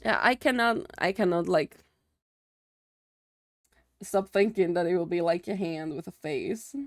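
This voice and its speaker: A woman's voice: on the low side, unhurried, no echo, studio quality. A young woman, a Spanish native speaker, chatting casually with her livestream viewers and filling her sentences with "like". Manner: chatty, many "like" fillers, answering chat.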